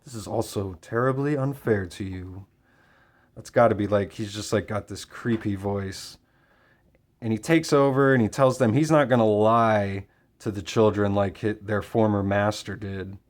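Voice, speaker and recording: A man casually summarizing and reviewing a comic book issue, talking with frequent fillers and pauses. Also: fairly low pitch. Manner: relaxed, hesitant with fillers.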